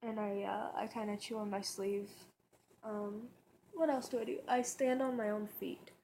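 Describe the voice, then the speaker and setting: A woman's voice: medium pitch, steady tone, normal speed, warm tone, a little hiss or hum. A woman vlogger talking casually in her bedroom, rambling and chatty, with lots of fillers and restarts. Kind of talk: casual tag video chat.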